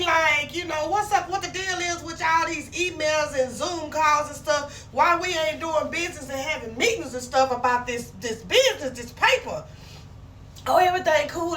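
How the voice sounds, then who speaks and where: A woman with a fairly high voice retells a skit series in an animated, conversational way, scolding the characters directly as she goes. She sits back from the mic in an echoey room. A faint hum runs underneath. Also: recorded from a distance. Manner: animated retelling, dropping into a lower voice to quote the men; talks straight to the characters. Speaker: commentary vlogger. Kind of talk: casual recap of a skit series. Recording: roomy echo, speaking from away from the mic.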